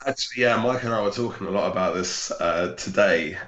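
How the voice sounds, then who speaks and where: A male guest on a podcast whose low voice has a bright, sharp edge. He stalls and restarts, teasing and evasive about his plans. The sound carries a noticeable room echo. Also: fairly quick. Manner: hesitant, playfully evasive, laughs. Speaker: guest comic artist. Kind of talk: casual chat. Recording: roomy echo.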